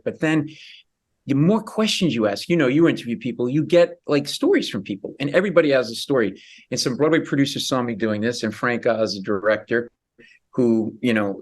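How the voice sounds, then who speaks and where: Animated comedian telling stories. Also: male voice, medium pitch. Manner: animated, acts out quoted voices, quick asides. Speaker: comedian guest. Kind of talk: radio interview storytelling.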